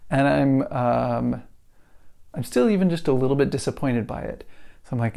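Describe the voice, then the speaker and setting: A man's voice: mid-range voice, brisk, gravelly, darkish tone. A man hosting his own podcast, talking casually and rambling a little, often restarting his sentences as he talks through examples from his desk. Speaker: podcast host. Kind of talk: casual solo podcast talk.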